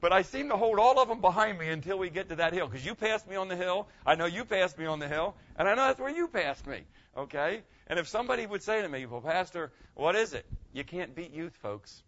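A man's voice: sits high, expressive, fairly quick, hardly any pauses, a bit bright, dull audio. An older man preaching a conversational sermon as a pastor, folksy and rambling, often asking "okay?".

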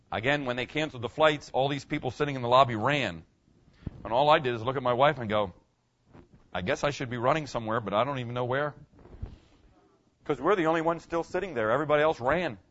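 A man's voice: medium pitch, a bit bright, lo-fi sound. A man preaching a sermon as pastor, telling folksy stories and repeating his point straight to the congregation. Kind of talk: storytelling sermon.

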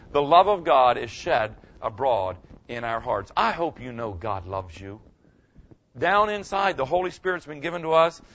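An older male pastor delivers a folksy, conversational sermon, frequently asking his listeners "okay?" to check in. His voice sits on the high side and is a bit bright, though the recording sounds muffled.

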